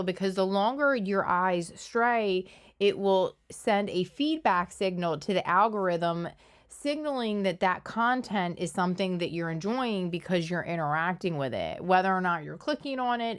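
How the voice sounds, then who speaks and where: A woman's voice: medium pitch, moderate pace, clean tone. A woman from Philadelphia with a Philadelphia accent, hosting a casual, opinionated commentary video. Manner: conversational, opinionated, analytical. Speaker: commentary channel host.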